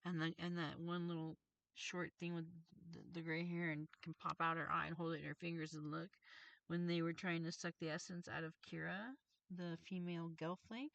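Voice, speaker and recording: Gravelly, tense-voiced woman ranting on a stream. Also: on the low side, little pitch movement, normal speed, fairly bright tone, dry recording. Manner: profane, agitated, confrontational. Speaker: tarot reader and streamer. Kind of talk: livestream psychic channeling rant.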